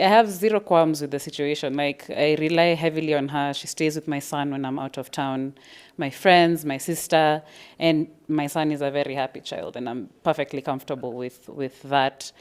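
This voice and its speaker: A woman talks candidly about being a parent. Her voice sits on the lower side, and she slips into lively acted-out moments along the way. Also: smooth. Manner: frank, animated, acts out little scenes with laughs. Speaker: parent sharing at a parents' event. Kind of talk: candid reflective talk.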